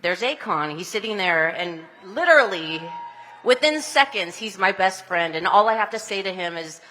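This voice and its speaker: A chatty woman from California gives a heartfelt acceptance speech at a podium microphone, breaking into breathy giggles and going soft and emotional in her thanks. Her mid-range voice carries through outdoor speakers, which add a long, echoing reverb tail. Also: medium pitch, lively intonation, normal speed, a little hiss or hum. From Anaheim, California. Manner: tender and emotional in the thank-yous. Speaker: honoree giving a speech. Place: outdoor street ceremony.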